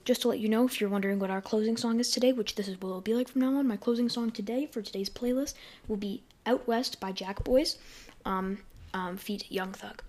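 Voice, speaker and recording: A woman's voice: fairly high pitch, brisk, a little mellow. A woman hosting a casual solo podcast from her bedroom on a desk mic, rambling along with lots of fillers and self-corrections. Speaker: podcast host.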